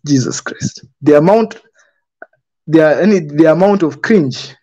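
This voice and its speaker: A man's voice: fairly high pitch, expressive, a little slow, mellow, lo-fi sound. A man gives indignant commentary on a book he reads aloud, often asking pointed rhetorical questions.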